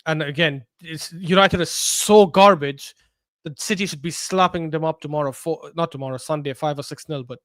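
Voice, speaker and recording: A man's voice: on the high side, moderate pace, a bit bright, no room sound, studio quality. A young man co-hosting a casual football podcast, blunt and opinionated, teasing the others. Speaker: podcast co-host.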